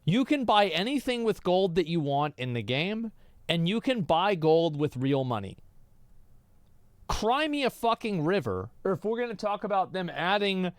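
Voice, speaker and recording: Swearing streamer guy reacting to a video, smooth clear voice, dry close mic, kinda high. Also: no echo. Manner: blunt, swearing, loud mocking outbursts. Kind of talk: casual reaction commentary.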